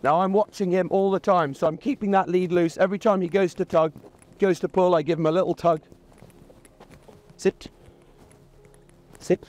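A man's voice: high-pitched, steady tone, fast talker, darkish tone. A man giving a chatty, plain-spoken dog training lesson outdoors by a pond.

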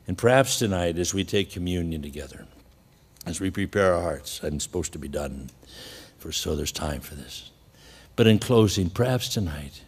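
A man's voice: low voice, lively intonation, normal speed, husky, long reverb tail. Chuckling storytelling male preacher. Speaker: pastor. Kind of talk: sermon.

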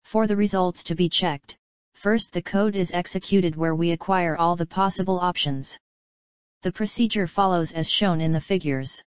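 A woman reading an academic paper aloud in an even, flat delivery, spelling out acronyms letter by letter. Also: lowish voice, normal speed, clear, resonant tone, no echo. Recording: dull, slightly lo-fi dry recording.

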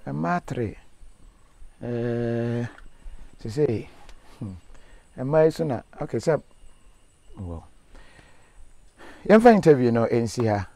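A man's voice: mid-range voice, lively intonation, slow pace, vocal fry, long pauses, dark tone, no room sound. A man hosting an interview outdoors, talking casually with encouraging, preacher-like asides. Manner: casual, preaching asides, switching between languages. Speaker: host. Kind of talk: field interview. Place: outdoors in a forest.

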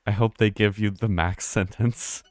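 A man's voice: fairly low pitch, fairly even intonation, normal speed, no room sound, studio quality. A man streaming a game live, chatting casually and rambling, often swearing and laughing. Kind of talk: casual live gameplay commentary.

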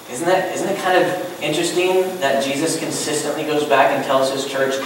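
High-voiced pastor in an echoing church. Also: male voice, steady tone, normal speed, hardly any pauses. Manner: conversational, asks the room many questions. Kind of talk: sermon. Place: church sanctuary. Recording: very echoey hall, voice a bit distant, faint noise.

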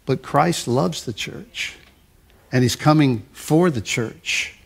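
An older man, a pastor, preaching a sermon in a conversational way, often repeating and restarting his words and slowing to stress lists of phrases. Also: mid-range voice, vocal fry, slightly rough.

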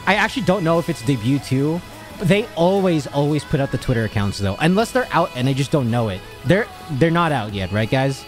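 A young man talks casually on a livestream, his voice high and lively, leaping up and down as he rants. He swears freely and sounds exasperated with his chat. Faint music plays underneath. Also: a little fast. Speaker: streamer.

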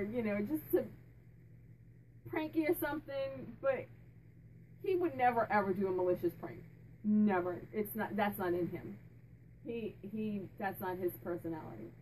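A woman's voice: a little high, recorded from a distance, slight background noise, rough recording. A woman speaking as a medium, chatting casually and relaying what a spirit tells her, with many restarts and fillers. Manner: laughs and jokes with the spirit. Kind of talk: casual channeling talk to camera.

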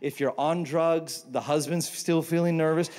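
A man, preaching a sermon with animated, humorous storytelling. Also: on the high side, moderate pace. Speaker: pastor.

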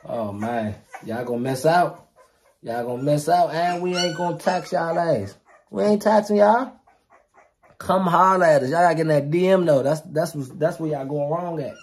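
A man's voice: a little high, moderate pace, slight background noise. Hyped-up slangy young man showing puppies. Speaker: dog breeder showing puppies. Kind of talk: casual vlog talk to viewers.

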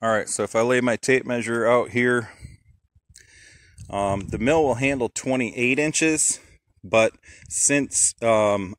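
A man's voice: fairly low pitch, a bit bright, no echo. A man casually explaining his sawmill work outdoors, thinking aloud with many fillers. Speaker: homesteader showing sawmilling. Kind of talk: casual how-to narration. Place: outdoors at a log pile.

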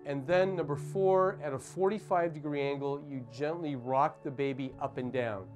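Man, pediatrician, slightly high voice, calm and gentle step-by-step instruction, clinic room, faint music under. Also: normal speed. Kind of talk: instructional demonstration.

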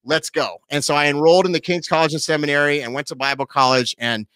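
A man in his forties, a pastor telling his personal testimony as an interview guest, animated and quick with asides. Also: a little high, smooth, no room sound. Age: 40s. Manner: animated storyteller, quick asides, laughs easily.

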